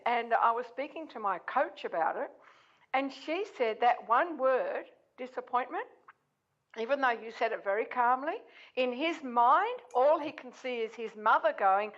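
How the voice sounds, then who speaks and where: A woman's voice: fairly high pitch, lively intonation, unhurried, fairly bright tone, dull audio. A woman on a studio panel telling a personal story, acting out what people said. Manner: storytelling, acts out quotes. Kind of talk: casual panel discussion.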